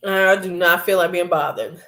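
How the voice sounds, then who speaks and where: A woman chatting casually to her camera at home late at night, blunt and quick to laugh, acting out her coworkers as she goes. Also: fairly low pitch, fairly even intonation, a bit bright. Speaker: vlogger. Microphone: camera mic.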